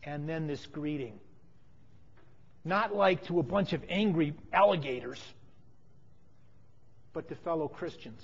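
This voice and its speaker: High-voiced man preaching in a reverberant hall. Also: slow pace, gravelly, pauses often, breathy edge. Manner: storytelling, emphatic, drops to quiet phrases. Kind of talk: sermon with personal story. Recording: dull sound with long hall reverb.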